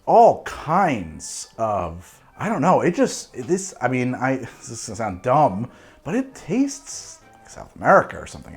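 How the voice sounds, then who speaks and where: A man in the middle of the pitch range hosts a cocktail show, his voice rising and dipping with lively movement. He rambles through tasting notes in a casual, self-mocking way, restarting sentences as he thinks. Faint music runs underneath. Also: husky.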